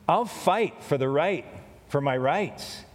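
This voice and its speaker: A pastor giving a conversational sermon, often repeating key phrases for emphasis. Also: male voice, on the high side, lively intonation, slow pace, in a large hall.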